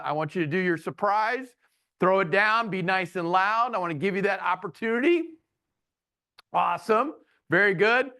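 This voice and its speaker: A middle-aged man giving a playful webinar talk as a humorist, bursting now and then into loud comic characters. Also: sits high, clean tone. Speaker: keynote speaker and humorist. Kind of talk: lively webinar presentation.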